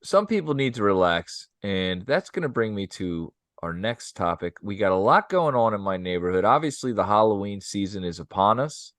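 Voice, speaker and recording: A man's voice: on the low side, normal speed, few pauses, no room sound, studio quality. A man co-hosting a podcast, telling stories in casual chat and often asking "you know what I mean?". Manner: animated storyteller, 'you know what I mean', ham impressions. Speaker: podcast co-host.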